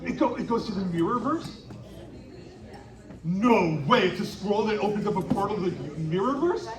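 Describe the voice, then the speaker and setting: A high-pitched man runs a lively storytelling show, calling out to the audience and egging them on to shout. He is heard from a distance in an echoey space. A crowd chatters around him. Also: normal speed. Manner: animated, coaxing the crowd into shouting. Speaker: live children's storytelling performer. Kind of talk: interactive live show hosting. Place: outdoor winter carnival stage. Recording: echoey, distant live stage recording with crowd. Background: audience noise.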